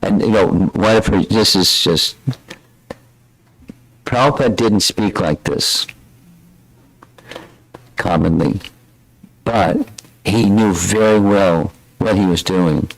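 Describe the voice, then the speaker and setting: Older man with a very deep, dry voice. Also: low-quality recording. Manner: reflective, unhurried storytelling. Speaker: spiritual teacher. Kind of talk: scripture class.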